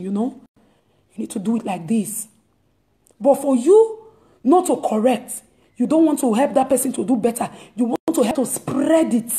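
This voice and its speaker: Host, woman, fairly high and mellow voice, emphatic exhortation with repeated phrases. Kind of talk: impassioned preaching monologue.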